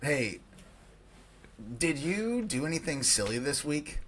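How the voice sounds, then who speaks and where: A man's voice: fairly high pitch, very animated, fairly bright tone, slight background noise. A man co-hosting a podcast over a video call, talking in a hesitant way and trailing off. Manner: slow, hesitant talker who trails off. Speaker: podcast co-host. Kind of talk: casual chat.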